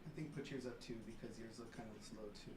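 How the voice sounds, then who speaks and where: A young woman co-hosting a podcast in casual chat, soft-spoken and teasing. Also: rumbling low, steady tone, quick pace. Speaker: podcast co-host. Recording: roomy home recording with audible hiss.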